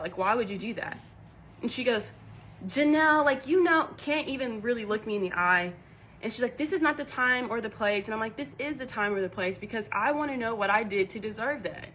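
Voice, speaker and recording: A woman's voice: on the high side, slight background noise, poor audio. A woman casually retelling a confrontation, animatedly acting out the dialogue. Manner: animated, acts out quoted dialogue. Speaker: storyteller recounting a confrontation. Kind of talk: casual storytelling clip.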